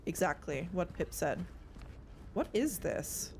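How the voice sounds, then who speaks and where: Chatting slowly with her stream audience while playing a horror game, a young woman speaks in a lowish, darkish voice with lively intonation and frequent swearing. Slight hiss or hum is audible.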